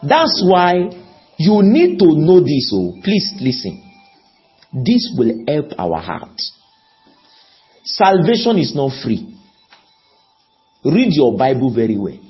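A man's voice: wildly swooping pitch, takes it slowly, pauses often, highs cut off, soft background music. A man preaching a sermon, pleading with his listeners and often asking them questions. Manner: pleading, rises on key words then drops low; repeats and asks the audience questions.

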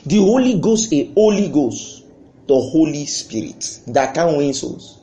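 A man preaching a sermon with fervour, swinging between loud outbursts and hushed asides. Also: fairly high pitch, big pitch swings, measured pace, slight background noise. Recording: echoey room.

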